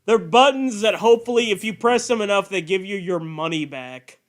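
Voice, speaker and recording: A man with a noticeably high, smooth and clear voice. He chats casually with friends on a stream. His humor is sarcastic and crude. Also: normal speed. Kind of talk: casual chat.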